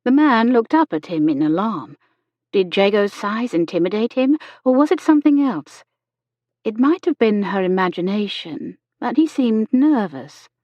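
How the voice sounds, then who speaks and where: A woman reading an audiobook as narrator, gentle and measured in her reading. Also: mid-range voice, expressive, no echo. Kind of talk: scripted narration. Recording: dull lo-fi dry audio.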